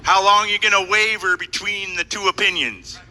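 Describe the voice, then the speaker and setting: A man playing a bold prophet in a live church skit, repeating lines loudly and firmly in a large hall with long echo. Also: high-pitched, fairly even intonation, normal speed. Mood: challenging. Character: bold old male prophet, defiant and mocking.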